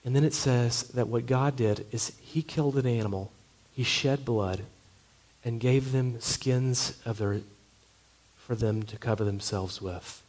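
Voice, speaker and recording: A man preaching a sermon, earnest and emphatic, slowing to hushed phrases. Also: medium pitch. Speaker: pastor.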